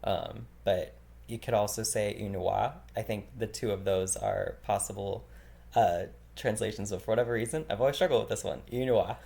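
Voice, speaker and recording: Gravelly-voiced man teaching casual vocabulary. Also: on the low side. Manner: relaxed, chatty, repeats each word slowly, laughs often. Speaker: language teacher.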